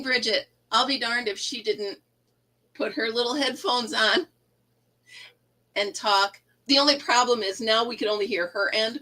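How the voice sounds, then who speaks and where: A woman's voice: fairly high pitch, pushed and bright, poor audio. A middle-aged woman hosting a casual live chat, telling a funny story and laughing often. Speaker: livestream host.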